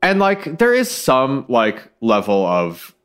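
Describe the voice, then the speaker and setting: A man's voice: mid-range voice, wildly swooping pitch, slow pace, fairly bright tone, smooth. A man co-hosting a casual podcast, talking things through in a thoughtful, hedging, digressive way on a studio mic. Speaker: podcast co-host.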